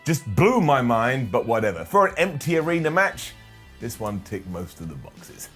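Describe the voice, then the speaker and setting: A man talks through a wrestling review with sarcastic jokes and side remarks. His voice sits a bit high and swings up and down a lot. Faint music plays behind him. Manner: sarcastic, joking asides. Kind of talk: casual comedic video commentary.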